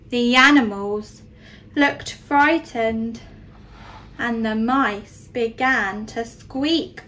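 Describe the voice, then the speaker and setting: A nursery teacher reading a storybook aloud to young children, expressive and pausing to ask questions. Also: female voice, a little high, far from the mic, slight background noise, low-quality recording.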